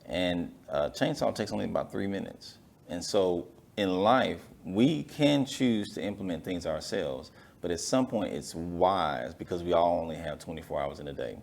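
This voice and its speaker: A man's voice: sits low, expressive, normal speed, creaky. A man hosting a business interview show, reflecting on what his guest said and affirming it. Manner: reflective, gives affirming murmurs, gentle teasing. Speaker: podcast host.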